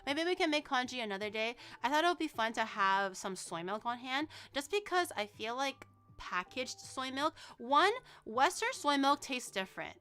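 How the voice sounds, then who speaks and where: A woman chatting casually on a cooking livestream, excitable and rambling, swearing freely as she goes. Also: on the high side, clean tone. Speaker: streamer cooking on stream.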